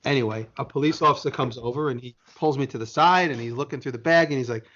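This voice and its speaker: A man's voice: medium pitch, fast talker, a bit bright, a little hiss or hum. American guy rambling through a story on a podcast, mid voice, kinda muffled lo-fi audio. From United States. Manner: rambling, laid-back, swears casually. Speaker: podcast guest. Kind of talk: casual storytelling chat. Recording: dull lo-fi sound.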